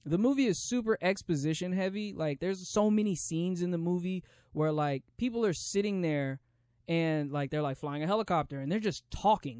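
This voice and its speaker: A man's voice: high voice, moderate pace, a little mellow, clear, resonant tone, no echo, studio quality. A man hosting a solo podcast, rambling through a casual movie review with many fillers and restarts. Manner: rambling, filler-heavy, lots of "you know what I'm saying". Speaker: podcast host.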